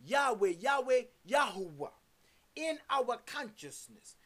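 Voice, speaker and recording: A woman's voice: fairly high pitch, sing-song, slow pace. A woman preaching a sermon, stressing words and syllables and repeating lists of terms as she works through scripture.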